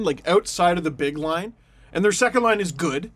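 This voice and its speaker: A young man hosting a sports podcast, arguing heatedly and mocking fans in shouted voices. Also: sits high, normal speed. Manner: animated, mocks fans in shouted put-on voices. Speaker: podcast host.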